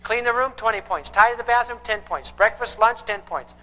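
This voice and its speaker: Emphatic high-voiced man lecturing in a hall. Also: fairly quick, bright, forceful tone. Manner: emphatic, quizzes the audience with repeated questions. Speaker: parenting counselor. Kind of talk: parenting seminar lecture. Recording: echoey hall with long reverb.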